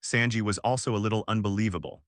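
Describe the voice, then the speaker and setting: A male text-to-speech voice narrating a fantasy novel audiobook with a flat, even delivery. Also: lowish voice, fast, no room sound, studio quality. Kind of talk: machine-read novel narration.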